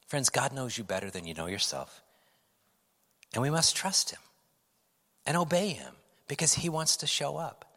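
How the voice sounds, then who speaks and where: A man preaching a sermon, animated, acting out quoted pleas and laughing often between points. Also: sits low, big-room sound. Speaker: pastor.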